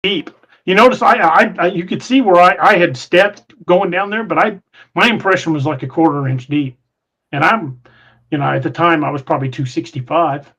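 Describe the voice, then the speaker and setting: A man's voice: fairly high pitch, normal speed, a bit bright, breathy edge. A man hosting a podcast in casual chat, telling a story in a rambling way with frequent restarts. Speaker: podcast host. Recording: muffled lo-fi audio.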